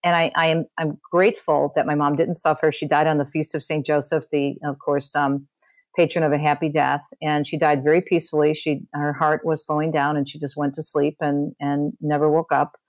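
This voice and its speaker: Low-voiced middle-aged woman telling her story. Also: flat delivery, brisk, no room sound. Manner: warm storytelling with frequent restarts. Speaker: guest. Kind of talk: conversational interview testimony.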